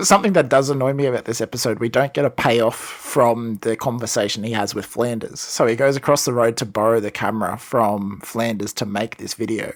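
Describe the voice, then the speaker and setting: Measured man on a podcast. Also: mid-range voice, fairly even intonation, dry recording, studio quality. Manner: measured, reflective commentary. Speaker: podcast co-host. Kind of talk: casual chat.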